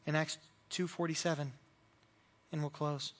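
A man's voice: on the high side, little pitch movement, moderate pace. A man preaching a sermon as pastor, earnest and repeating words as he builds his points.

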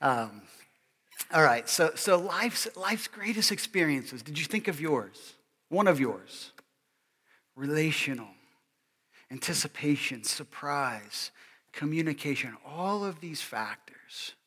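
A male pastor giving a sermon in an animated, joking way, often checking in with the congregation. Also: a little high, slow pace, breathy edge, in a large hall. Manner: animated and joking, keeps asking "all right?".

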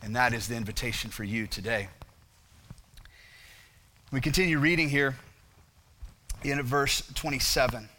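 A pastor preaching a sermon, asking rhetorical questions and dropping to a quiet, low voice for emphasis. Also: male voice, fairly even intonation, moderate pace, pauses often.

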